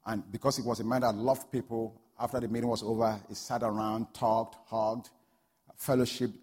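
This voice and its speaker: A man preaching a sermon, telling a story and building to loud, fervent peaks. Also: on the low side, little pitch movement, normal speed, breathy edge. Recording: long hall reverb.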